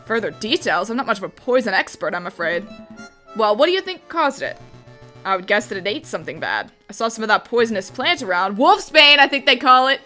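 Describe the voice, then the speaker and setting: A woman's voice: fairly high pitch, big pitch swings, a little fast, bright, forceful tone, faint music behind. A woman voicing a blunt middle-aged male hunter in a game, curt and matter-of-fact.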